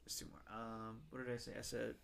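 A man on a casual podcast, loud, profane and joking with friends. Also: medium pitch, monotone, fast, vocal fry, a little hiss or hum. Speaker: podcast co-host. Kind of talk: casual chat.

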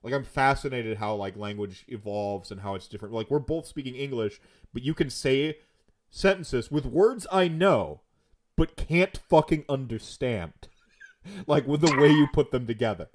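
A man's voice: mid-range voice, animated, normal speed. A man with a Midwestern American accent in a rambling casual chat, full of fillers and restarts, swearing now and then.

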